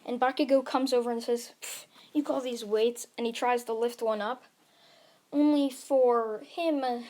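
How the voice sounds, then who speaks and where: A woman with a somewhat high voice narrates a homemade anime fan story in a loose, chatty way. She rambles, leans on "like", and corrects herself mid-sentence. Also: darkish tone. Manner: rambling, heavy on "like", self-correcting. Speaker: YouTube storyteller. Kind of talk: casual fan-fiction narration.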